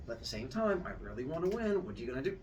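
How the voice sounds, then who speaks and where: A man's voice: a little high, very fast, recorded from a distance, dull audio, crowd noise. A man voicing a blunt, impatient young king of the gods in a told story. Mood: brash. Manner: blunt, excitable, rude.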